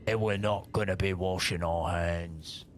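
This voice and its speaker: A man doing a whispered role-play of a male nature-documentary narrator with a mock Australian accent, hushed and mock-solemn. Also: deep voice, fairly even intonation, measured pace, slight background noise, voice pushed down.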